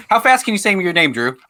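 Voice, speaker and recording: A man's voice: sits high, bright, forceful tone. A man hosting a casual podcast quiz game, playful and laughing often as he announces rounds.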